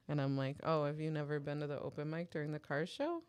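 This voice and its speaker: Low-voiced woman telling a story. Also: a little fast, hardly any pauses. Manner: animated, swearing, acts out dialogue. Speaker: podcast co-host. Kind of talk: casual storytelling chat.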